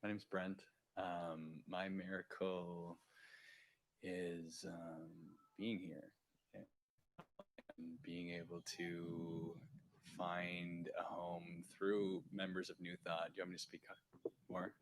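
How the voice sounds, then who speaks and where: A man sharing his gratitude with a congregation, hesitant and full of pauses. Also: deep voice, monotone, a little hiss or hum. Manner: hesitant, many fillers. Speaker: congregation member. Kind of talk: casual sharing.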